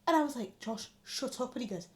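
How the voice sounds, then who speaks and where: Here the same sort of casual podcast chat comes from a woman in her 20s with a fairly high voice, lively intonation, and a fast delivery. She co-hosts, telling stories with acted-out quotes and lots of swearing.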